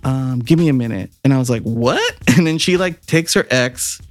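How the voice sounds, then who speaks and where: A man co-hosting a podcast, telling stories in a casual, animated, profane way, often laughing. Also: medium pitch, a little fast, no echo, faint music behind. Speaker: podcast co-host. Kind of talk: casual chat, storytelling.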